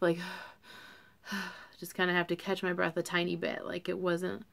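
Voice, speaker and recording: A woman's voice: fairly low pitch, level tone, normal speed, vocal fry, fairly bright tone. Chatty young woman vlogging. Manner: chatty, full of fillers and "like". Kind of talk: casual chat to camera.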